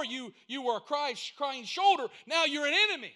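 A man delivers a sermon in a high, bright voice. He talks in a homespun, storytelling way and keeps building to emphatic, repeated points. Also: brisk. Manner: folksy storytelling preaching, rising to emphatic points. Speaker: pastor.

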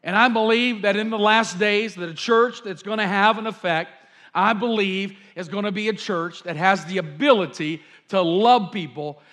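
Male pastor, high-pitched, fervent sermon delivery with fillers. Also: moderate pace, a bit bright. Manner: fervent, repetitive preaching with fillers. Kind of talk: sermon storytelling.

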